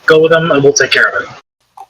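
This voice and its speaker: A man's voice: fairly high pitch, fairly even intonation, normal speed, a crowd in the background, rough recording. A man playing a tabletop game who asks eager, hesitant questions. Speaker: player. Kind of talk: casual tabletop play.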